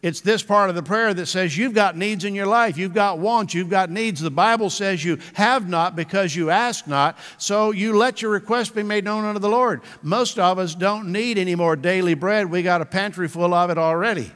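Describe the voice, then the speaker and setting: Male pastor, conversational sermon delivery with slow emphatic repeats, higher register, long hall reverb. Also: fairly bright tone.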